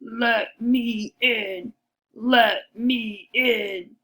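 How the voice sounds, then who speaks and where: A woman voicing the big bad wolf in a read-aloud storybook, with slow, drawn-out demands. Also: a little high, steady tone, fairly bright tone. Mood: demanding. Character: big bad wolf, male, pushy and hungry.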